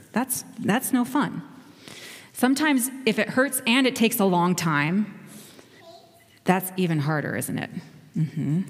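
Playful woman leading a children's talk. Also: medium pitch. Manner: playful, questioning, encouraging. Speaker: children's message leader. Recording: echoey hall.

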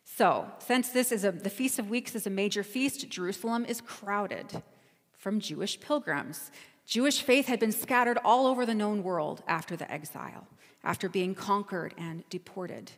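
A woman's voice: medium pitch, normal speed, in a large hall. A woman pastor giving a sermon, telling a travel story in a conversational, storytelling way. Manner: storytelling, conversational, self-correcting.

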